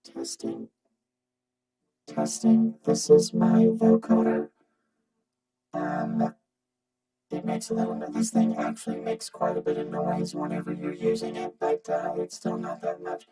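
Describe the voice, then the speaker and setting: A man's voice: extremely high pitch, huge pitch swings, unhurried, pauses often, over loud music, low-quality recording. Man talking through a robotic vocoder. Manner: rambling, thinking aloud with fillers. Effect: vocoder robot voice played from a keyboard. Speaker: home studio owner demonstrating gear. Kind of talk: casual gear demo. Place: home basement studio. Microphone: separate small vocoder mic. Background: synth chords from his keyboard.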